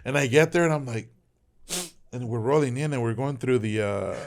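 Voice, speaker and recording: A man's voice: mid-range voice, moderate pace, gravelly. Profane, storytelling Texan veteran man. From South Texas, Rio Grande Valley. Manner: animated, profane, laughs through his stories. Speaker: guest, veteran. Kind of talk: casual storytelling.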